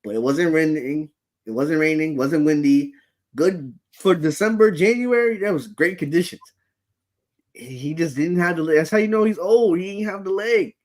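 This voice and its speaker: A man co-hosting a casual sports chat, telling animated stories with plenty of swearing and acted-out reactions. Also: fairly high pitch, moderate pace. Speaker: co-host.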